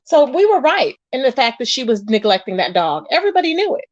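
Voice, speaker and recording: Animated woman retelling drama to viewers. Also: sits high, fast, no room sound, highs cut off. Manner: animated retelling, quotes others in raised voice, addresses viewers directly. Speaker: commentary channel host. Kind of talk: casual commentary livestream.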